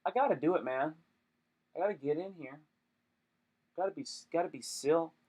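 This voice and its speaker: A man's voice: a little high, moderate pace, muffled recording. A young man chatting casually on a live stream, joking and rambling with lots of slang.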